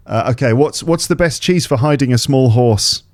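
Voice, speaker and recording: A man's voice: medium pitch, normal speed, no room sound. A man hosting a podcast, chatting casually and thinking aloud in questions. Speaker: podcast host. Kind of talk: casual conversation about comedy.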